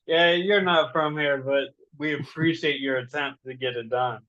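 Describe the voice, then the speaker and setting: A man's voice: a little high, moderate pace, pushed and bright. Man with a slight Southern accent, muffled. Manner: rambling, repeats words, enthusiastic. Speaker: guest author. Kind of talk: casual chat.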